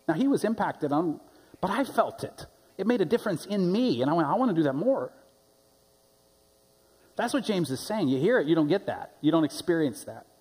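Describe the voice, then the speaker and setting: A man's voice: on the high side, animated, a little fast, a little mellow, husky. A man preaching a sermon as pastor, telling stories conversationally and then building to emphatic points. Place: church sanctuary. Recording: long church-hall reverb.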